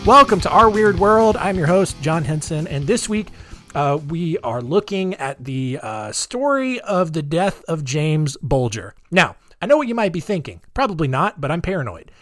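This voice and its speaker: A man's voice: fairly high pitch, big pitch swings, moderate pace, fairly bright tone, no echo, soft background music. A man hosting a podcast, telling a story in a chatty, rambling way with sarcastic asides. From United States. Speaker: podcast host.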